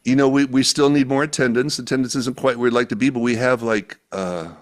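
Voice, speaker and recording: In a casual video-call conversation from home, an American event organizer on as a guest tells a story and dramatizes the words he quotes. He speaks briskly in a mid-range voice with fairly even intonation.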